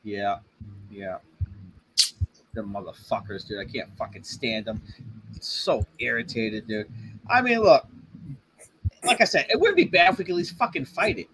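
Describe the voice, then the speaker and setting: A man's voice: on the low side, big pitch swings, moderate pace, pauses often, fairly bright tone, slight background noise, rough recording. A man co-hosting a casual podcast, ranting in a profane, irritated way. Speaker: co-host.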